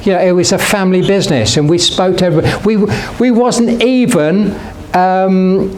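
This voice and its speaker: Captured in a very echoey room by a distant mic with faint noise, this man speaks in a high-sitting, darkish voice with fairly even intonation at a moderate pace. He's a retired business founder rambling through casual stories, full of fillers and restarts.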